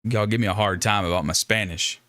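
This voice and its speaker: A man's voice: lowish voice, fairly even intonation, brisk, bright, forceful tone, dry recording, studio quality. A man hosting a casual livestream, chatting with viewers in a rambling, joking way with frequent restarts. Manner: rambling, joking, self-interrupting. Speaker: livestream host.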